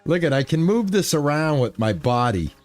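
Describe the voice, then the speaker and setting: A man's voice: fairly high pitch, sing-song, normal speed, darkish tone, faint music behind. A man chatting casually to his live chat while playing a farming game, rambling and easygoing. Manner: laid-back, rambling, talks to chat. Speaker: streamer.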